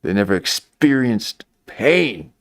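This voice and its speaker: Slow, rambling man with a low voice. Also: very animated, dry recording, studio quality. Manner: mocking, meandering, full of restarts. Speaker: live-stream commentator. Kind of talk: rambling live commentary. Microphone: desk microphone.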